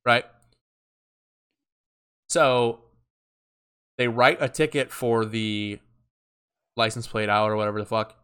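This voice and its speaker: Bright-voiced young man telling a profane story. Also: medium pitch, takes it slowly, pauses often, clear, resonant tone. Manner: animated, profane storytelling with acted-out quotes. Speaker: podcast co-host. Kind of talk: casual storytelling chat.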